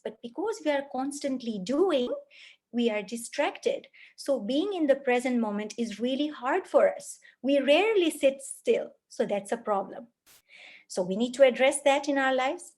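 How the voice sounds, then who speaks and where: A woman's voice: high voice, expressive, normal speed, darkish tone. A woman giving a spoken lecture on parenting, earnest and fond of repeating her points in lists, laughing at herself now and then. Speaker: parenting speaker.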